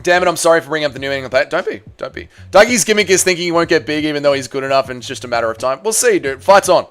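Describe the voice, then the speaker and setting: A young Australian man on a livestream, chatting with viewers, reading their messages, swearing freely and shouting at a fight as it unfolds. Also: a little high, lively intonation, racing, smooth. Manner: swears freely, reads chat aloud, yells at the fight. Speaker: streamer. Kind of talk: casual livestream chat and fight reaction.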